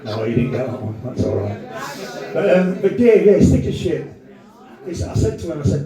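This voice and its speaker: A sweary Northern English comedian working the crowd in a live set. His voice sits high and swings widely in pitch. It is picked up from some way off in an echoey room, with audience laughter around it. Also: very animated, moderate pace, dark tone, distant mic. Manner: brash, sweary banter with the audience. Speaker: stand-up comedian.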